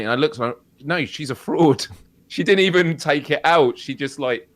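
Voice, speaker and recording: A man's voice: fairly high pitch, measured pace, pauses often, slight background noise. A man co-hosting a podcast, telling rambling stories with frequent laughter. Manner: rambling, laughs often, animated storytelling. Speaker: podcast co-host. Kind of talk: casual chat.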